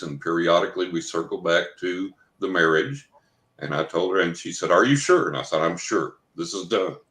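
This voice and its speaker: A man's voice: sits low, a bit bright. A man who works as a psychic, telling a long story on a podcast and quoting the people in it. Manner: anecdotal, quotes others in dialogue. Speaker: psychic guest. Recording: roomy echo.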